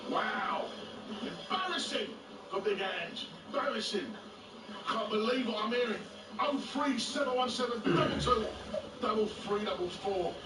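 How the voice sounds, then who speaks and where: Bloke doing a hyped radio host, shouty, music in the background. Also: male voice, high-pitched, lively intonation, a little slow, voice pushed up. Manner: hyped, shouty presenter patter. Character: brash excitable male sports radio host. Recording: roomy, distant, music behind.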